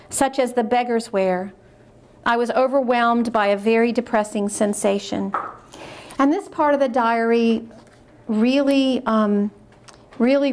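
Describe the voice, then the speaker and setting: A woman speaking at a religious conference, reading diary passages aloud and commenting on them in an earnest way, repeating words when she is moved. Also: a little high.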